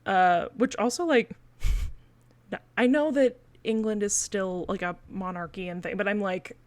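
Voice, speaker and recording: This podcast co-host is a Missouri woman with the local accent, chatting casually, using lots of fillers, and laughing between points. She speaks unhurriedly at a medium pitch, and the recording has no echo.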